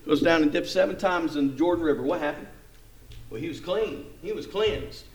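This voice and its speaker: A middle-aged man preaching a sermon, telling a story with lively rhetorical questions. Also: on the high side, brisk, slightly rough.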